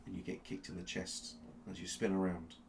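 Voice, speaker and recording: Game master, male, deep and gravelly, slow suspenseful narration with restarts. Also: little pitch movement, background noise. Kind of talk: dramatic second-person narration of a tabletop game.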